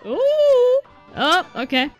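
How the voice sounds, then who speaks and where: A woman's voice: extremely high pitch, sing-song, extremely slow, dull audio. A young woman playing a video game, commenting casually, swearing often and yelping and laughing at her mishaps. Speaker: gameplay streamer. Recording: faint game music behind.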